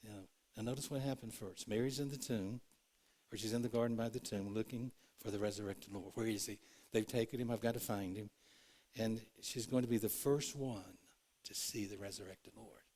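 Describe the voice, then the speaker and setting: A man preaches in a church with a low-pitched voice. He is earnest and shifts from loud phrases to hushed ones, acting out the lines he quotes. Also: steady tone, brisk. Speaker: pastor. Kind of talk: sermon. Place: church sanctuary.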